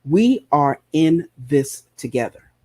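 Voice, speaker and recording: A man's voice: on the high side, lively intonation, slow, warm tone. A man preaching a passionate sermon, repeating phrases for emphasis and addressing his listeners directly. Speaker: preacher and show host.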